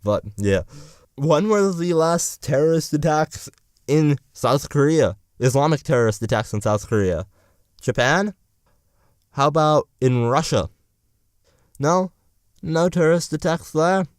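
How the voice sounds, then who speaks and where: A man's voice: on the high side, animated, unhurried, a little mellow, smooth, no echo, studio quality. A young man in college rambling through a profane, sarcastic political rant as a vlogger. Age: young adult.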